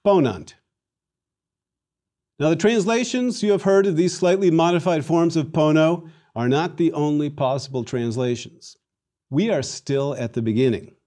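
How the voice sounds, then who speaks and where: A man giving a recorded Latin lesson, an animated, theatrical teacher who leads the class through repetition drills. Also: a little high.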